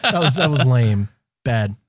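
A man's voice: mid-range voice, lively intonation, unhurried. A man co-hosting a casual podcast, teasing, contrarian and often swearing. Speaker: podcast co-host.

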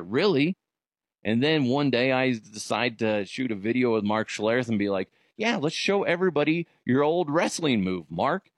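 A man doing a comedic podcast monologue who keeps jumping into loud, exasperated voices. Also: medium pitch, dry recording, clean studio sound. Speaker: podcast host.

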